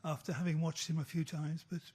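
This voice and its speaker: A man from Britain, a reporter asking a question at a press conference in a halting way with many fillers. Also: on the high side, level tone, a little mellow, breathy edge.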